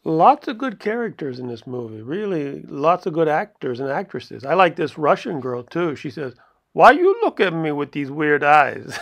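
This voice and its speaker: A male movie reviewer talks through a film in a loose, rambling way, often breaking into chuckles. His voice has a gravelly, fried texture at a middling pitch. He sounds like he is recording casually at home. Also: a bit bright. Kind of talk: casual video review commentary.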